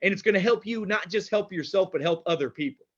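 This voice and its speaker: A man's voice: high voice, fast talker. A man hosting a live online wellness workshop, upbeat and chatty, with filler words, heard through a computer mic on a video call. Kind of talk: live webinar talk. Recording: dull lo-fi video call audio.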